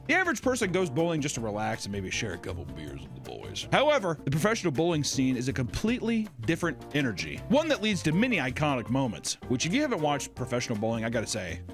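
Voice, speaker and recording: A man hosting casual commentary, animated and swearing, breaking into shouted impressions. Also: medium pitch, fast talker, few pauses, soft background music. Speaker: co-host.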